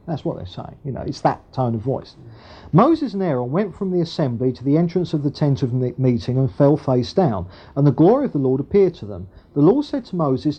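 A man's voice: on the high side, big pitch swings, fairly quick, husky. A man preaching a sermon and reading scripture aloud. He talks in a conversational way, with frequent asides and tag questions. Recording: dull lo-fi recording.

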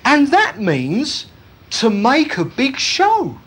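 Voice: high voice, huge pitch swings, slow pace, fairly bright tone, slightly rough. A preacher giving an emphatic Bible teaching sermon, often putting rhetorical questions to the congregation.

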